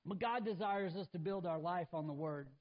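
A man preaching a sermon as a pastor, telling a story with lively acted-out voices and asides to the congregation. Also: high voice, a little fast, dull audio. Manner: animated storytelling, acts out voices, talks to the congregation.

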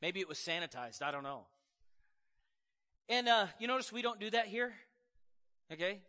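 A man's voice: high-pitched, moderate pace. A man preaching a sermon as pastor, telling stories in a chatty way with laughing asides. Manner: conversational, laughing asides, animated storytelling. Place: church sanctuary. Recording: reverberant church hall.

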